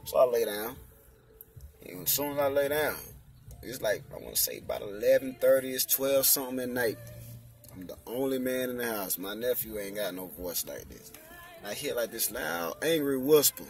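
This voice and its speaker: A man's voice: mid-range voice, sing-song, moderate pace, gravelly, recorded from a distance, faint music behind. Young man telling his story casually. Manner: slangy, repeats "you know what I'm saying". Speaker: faith vlogger sharing his testimony.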